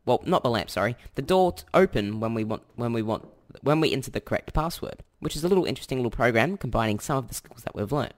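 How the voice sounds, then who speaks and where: A man's voice: mid-range voice, animated, fast, few pauses. A young Australian man giving a casual coding tutorial, thinking aloud and correcting himself as he types. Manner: chatty and self-correcting, thinks aloud while typing. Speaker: tutorial host.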